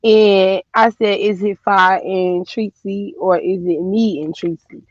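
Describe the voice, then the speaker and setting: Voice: medium pitch, steady tone, slow pace, dry recording, lo-fi sound. A co-host chatting casually on a live stream, blunt and profane in a colloquial way. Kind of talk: casual chat.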